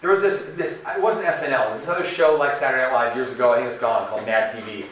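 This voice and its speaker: Bright-voiced male pastor in an echoey hall. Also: mid-range voice, rapid-fire, recorded from a distance. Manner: conversational, animated, acts out quoted voices. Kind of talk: sermon.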